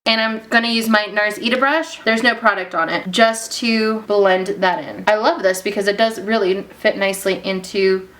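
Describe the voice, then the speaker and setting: A woman's voice: mid-range voice, moderate pace, hardly any pauses. A young woman narrating a casual makeup tutorial, chatty and gushing over the products she uses. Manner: gushing, breaks into excited squeals. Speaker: beauty vlogger.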